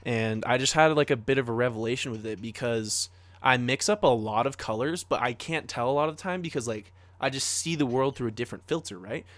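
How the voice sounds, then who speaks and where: A man's voice: medium pitch, a little fast, dry recording. A young man co-hosting a podcast, telling a story casually with lots of filler words and swearing. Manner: animated, swearing, many filler likes. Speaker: podcast co-host.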